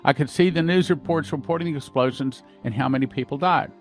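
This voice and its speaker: Faint music plays behind a man whose voice is a little high and fast. Hosting a podcast, he reads dreams, visions, and prophecies aloud, breaking off now and then to add his own asides.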